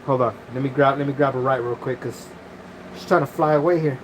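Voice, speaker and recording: A man's voice: medium pitch, fairly even intonation, a little fast, slight background noise. A man hosting a casual live stream, talking loosely with slang and cursing, filmed on his phone. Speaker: livestream host.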